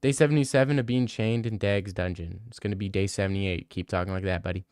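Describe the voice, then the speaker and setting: A man's voice: low voice, steady tone, fast, a little mellow, clear, resonant tone, dry recording, studio quality. A young man, chatting casually on a live stream and answering his chat in a brash, joking way. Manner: brash, joking, swears a lot.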